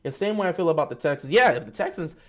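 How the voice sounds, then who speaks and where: Animated man streaming football talk. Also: a little high, racing. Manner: animated, greets chat viewers. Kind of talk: live-stream sports talk.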